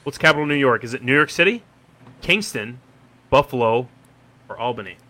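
A man's voice: mid-range voice, lively intonation, a little fast, sharp tone. A man hosting a casual quiz in a playful, teasing way, laughing often. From Kentucky. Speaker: quiz host.

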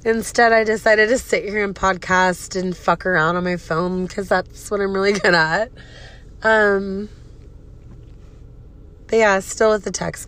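A woman's voice: medium pitch, fairly even intonation, measured pace, a bit bright. A woman in her thirties with an emotional, profane, venting manner, hosting a casual personal podcast. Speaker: podcast host.

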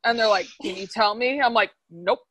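A woman's voice: fairly high pitch, fairly quick, a bit bright, no echo. A young woman chatting casually in a sarcastic, self-mocking way. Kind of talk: casual chat.

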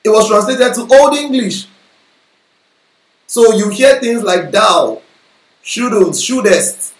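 Male Bible teacher, high-pitched, sermon delivery, echoey room, frequent check-ins with the audience. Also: slow. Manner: explanatory, checks in with listeners often.

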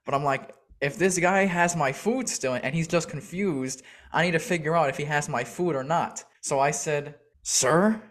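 A man's voice: a little high, moderate pace, hardly any pauses, fairly bright tone. A man co-hosting a sports podcast, telling a story in casual chat, hot-tempered and swearing constantly as he animatedly retells what happened.

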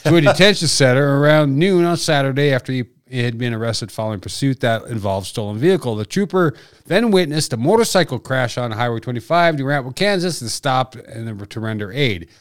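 Animated, profane male podcast co-host. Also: mid-range voice, fairly quick. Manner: profane, jokey, reads news stories aloud. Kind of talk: crude comedic banter.

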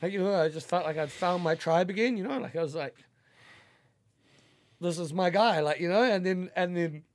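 A man's voice: high voice, fast, few pauses. A man, a podcast guest talking in a heartfelt, rambling way with lots of swearing and fillers. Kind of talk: casual podcast chat.

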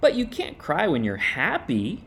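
A man's voice: fairly high pitch, unhurried, a little hiss or hum, pitched above the performer's own voice, full character voice. A man voicing a curious little boy rabbit. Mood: eager. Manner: questioning, lively.

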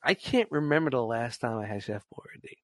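A man's voice: mid-range voice, animated, fairly quick, no room sound. A man in his forties chatting casually, telling stories animatedly with laughs and swearing. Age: 40s. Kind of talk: casual chat.

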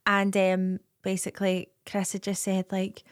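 A Scottish woman co-hosting a podcast, speaking in relaxed casual chat. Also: medium pitch, a little slow, smooth, no echo, studio quality. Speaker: podcast co-host.

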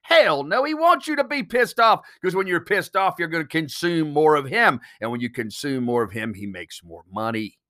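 A man's voice: a little high, lively intonation, normal speed, few pauses, pushed and bright. A man hosting a solo podcast, talking bluntly and emphatically, swearing freely and firing off rhetorical questions. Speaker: podcast host.

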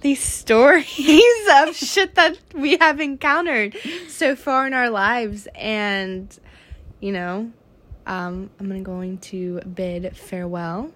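A woman's voice: mid-range voice, takes it slowly, fairly bright tone. A woman hosting a chatty podcast, giggling often and filling her speech with "like". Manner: giggly, chatty, heavy on filler "like". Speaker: podcast host. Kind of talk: casual storytelling chat.

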